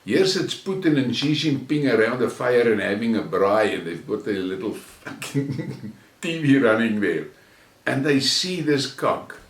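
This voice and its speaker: A man with a South African accent delivering an angry, profane rant, mocking and contemptuous, swinging from shouts to low sneers. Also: very animated, a little slow. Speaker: channel host. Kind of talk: angry ranting monologue. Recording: roomy echo, mic at a distance.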